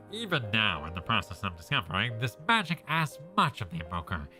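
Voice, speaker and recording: Man reading as a witchy old creature sage, very sing-song, sharp tone, game music faint underneath. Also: medium pitch, voice pushed up, heavily acted. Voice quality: witchy, theatrical. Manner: measured, learned speech. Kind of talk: reading game dialogue aloud.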